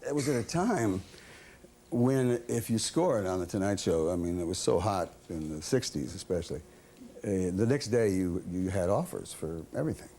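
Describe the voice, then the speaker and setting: A man in his sixties from the American South, appearing as a talk show guest in a TV studio with an audience, tells self-deprecating stories with a chuckle. His deep, warm voice is expressive and moderately paced, with a slight hiss or hum, and the anecdotes are casual.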